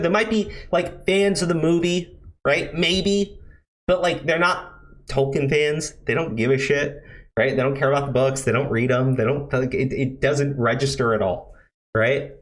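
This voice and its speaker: Heated man ranting, swinging pitch. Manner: heated, profane, stammering restarts. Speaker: video commentator. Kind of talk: angry rant commentary.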